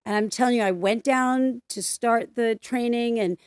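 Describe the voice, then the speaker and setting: A woman's voice: a little high, normal speed, darkish tone, clean tone, dry recording, studio quality. A woman, an actress guest, recounting a story emphatically in a radio interview. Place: radio studio.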